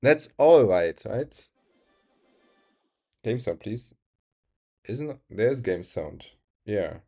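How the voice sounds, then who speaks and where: A man's voice: lowish voice, animated, drawn-out words, dark tone, faint music behind. A young man with a German accent, a non-native speaker, chatting casually on a live game stream, reading chat aloud and laughing often.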